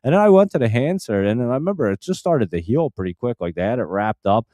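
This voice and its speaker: A man's voice: mid-range voice, sing-song, fast, mellow, no echo. A man telling a casual story in a rambling way, full of fillers and restarts. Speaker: stock channel host.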